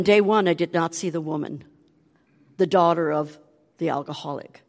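A woman's voice: sits low, moderate pace, in a large hall. An older woman tells her testimony animatedly, acting out the voices of the people in her story. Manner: animated, acts out quoted voices. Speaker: speaker giving a testimony.

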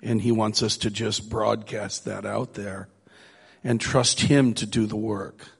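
A gravelly, husky man with a slightly high voice preaches a sermon. He talks to the congregation in an earnest, conversational way and builds into emphatic urging. His voice rings through a church hall with a long reverb. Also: fairly even intonation, a little slow.

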